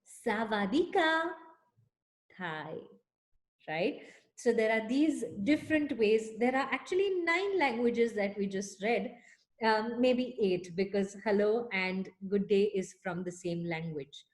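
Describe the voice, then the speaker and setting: A young woman music teacher speaking to children, explaining words slowly with fillers like "um" and "uh". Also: mid-range voice. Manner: sings a greeting song, then explains gently with fillers. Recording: echoey room.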